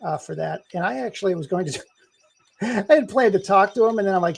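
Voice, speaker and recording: Gravelly, husky middle-aged man, hiccuping, rambling live-stream gamer chat. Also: sits high, lively intonation, moderate pace, a little mellow. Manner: rambling and chatty, laughs often. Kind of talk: casual live-stream chat while gaming.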